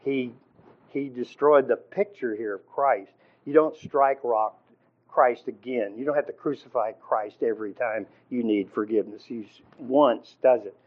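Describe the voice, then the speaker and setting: A male Bible teacher preaches in a loose, conversational way, stopping and restarting with plenty of fillers and frequent throat clearing. His voice sits in an ordinary middle pitch. The recording sounds muffled and lo-fi. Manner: informal, halting, many fillers and restarts. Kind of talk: conversational sermon. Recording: dull lo-fi recording.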